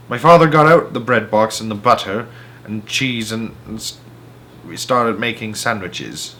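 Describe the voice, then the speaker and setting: A man's voice: on the low side, unhurried, sharp tone. Man reading a children's story aloud. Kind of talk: children's book read-aloud.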